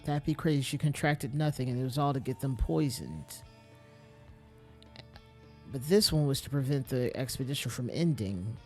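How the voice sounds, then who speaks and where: A man's voice: mid-range voice, normal speed, long pauses, a little mellow, faint music behind. A man streaming a mystery game, thinking aloud, restarting sentences and reading in-game letters aloud with small stumbles.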